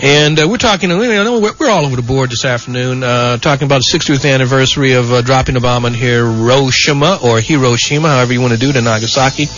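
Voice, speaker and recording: A man's voice: medium pitch, racing, few pauses, a bit bright. A middle-aged man hosting talk radio, ranting in a combative, rambling way, full of "you know" and "okay", with a dull broadcast sound. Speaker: fill-in radio talk show host. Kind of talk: opinionated talk radio monologue.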